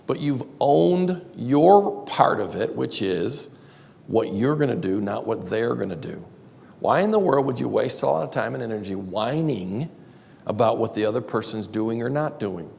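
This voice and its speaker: A man with a gravelly, lively voice teaches a live seminar, swinging his pitch up and down as he talks. He keeps it conversational and fires questions at the audience. The sound rings with the long reverb of a large hall. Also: a little hiss or hum. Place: church auditorium before an audience.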